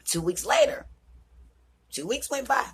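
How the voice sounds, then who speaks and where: A woman's voice: fairly high pitch, animated, measured pace, gravelly, a bit bright, husky. A woman in her thirties talking earnestly and heartfelt in a personal vlog, sometimes dropping to a whisper. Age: 30s. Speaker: vlogger. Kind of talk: personal reflective vlog talk.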